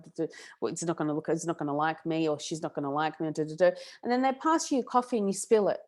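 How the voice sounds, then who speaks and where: A woman hosting a webinar on emotional healing, chatty and animated, often checking in with "yeah?" and "okay?". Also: mid-range voice. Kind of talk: casual talk to a webinar audience.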